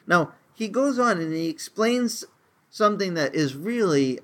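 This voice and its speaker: A man's voice: expressive, unhurried. Earnest male pastor preaching conversationally. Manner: conversational, rising in pitch when stirred, repeats words. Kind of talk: sermon.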